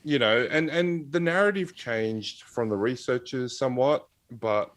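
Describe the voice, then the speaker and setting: A man, a physiotherapist guest in an interview, answering in a measured, reflective way. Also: medium pitch, a bit bright.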